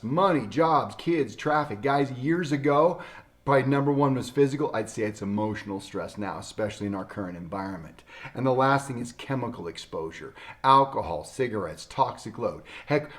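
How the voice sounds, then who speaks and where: A man who works as a chiropractor speaks straight to camera in a casual, folksy way. He tells a story with emphatic turns and keeps an easy, conversational pace. His voice sits at an ordinary middle pitch.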